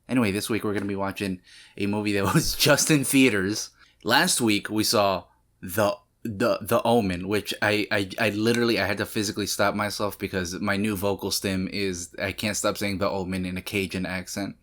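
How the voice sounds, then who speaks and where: A man's voice: fairly low pitch, normal speed, a bit bright. A man hosting a movie reaction channel, rambling casually with stammered restarts and mock-angry rants. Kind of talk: casual rambling vlog intro.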